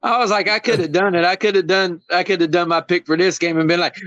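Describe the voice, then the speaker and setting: A man on a sports podcast panel, chatting casually, animated and swearing freely. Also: high voice, fast, few pauses, no echo, highs cut off. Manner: profane and animated.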